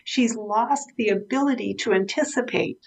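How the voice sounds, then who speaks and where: A woman's voice: fairly high pitch, normal speed, vocal fry, poor audio. A woman guest in an interview, a vivid storyteller who acts out the dialogue as she explains dementia care.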